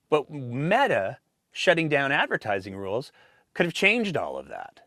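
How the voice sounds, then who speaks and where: A man's voice: medium pitch, a bit bright, no room sound, clean studio sound. A man hosting a show, reading scripted political commentary in a pointed, sarcastic manner. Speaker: host.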